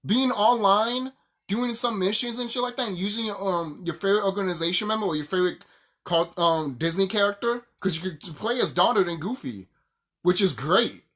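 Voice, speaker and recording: A man's voice: high voice, fairly quick, fairly bright tone. A young man ranting casually about video games, heated and profane, laughing often and repeating his points.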